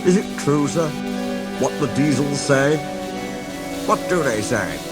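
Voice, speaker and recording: A man's voice: medium pitch, lively intonation, slow pace, music in the background. A guy voicing a big proud express engine, huffy and mopey, voice swings all over. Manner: huffy and mournful.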